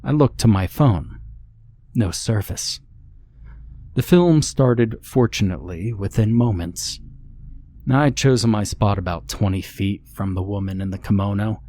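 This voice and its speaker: A man narrating a scary story in a measured, matter-of-fact way, in scripted horror narration. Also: on the low side, dark tone.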